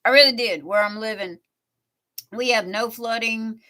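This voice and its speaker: A woman's voice: on the high side, bright, forceful tone. A woman livestreaming from home, chatting casually and rambling through stories while she crafts. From southern United States. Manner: chatty, meandering, drawn-out storytelling. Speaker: live streamer.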